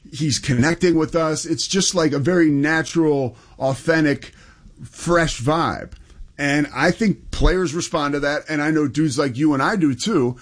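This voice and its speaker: A man co-hosting a casual sports talk show, telling interview stories in an enthusiastic, conversational way. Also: fairly high pitch.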